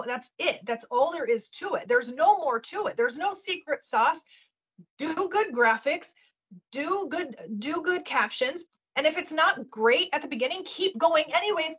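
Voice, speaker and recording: A woman talks in a high voice with a touch of huskiness and coaches webinar listeners in a casual, lively way. She acts out little voices and keeps asking "right?". The audio is dull and lo-fi. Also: breathy edge. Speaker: webinar guest speaker.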